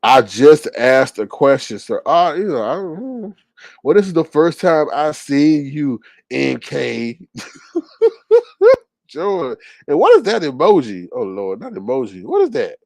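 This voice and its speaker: A man in casual livestream commentary, chatty and gossipy. His voice swings widely in pitch, with frequent exclamations. The sound is dry and close to the mic. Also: big pitch swings, unhurried, vocal fry, dry recording. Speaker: livestream host reading chat.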